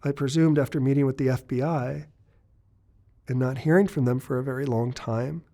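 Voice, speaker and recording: A man's voice: mid-range voice, steady tone, normal speed, warm tone. Earnest man telling his own story. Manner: earnest, confessional, occasional restarts. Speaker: interview guest. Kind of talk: candid storytelling interview.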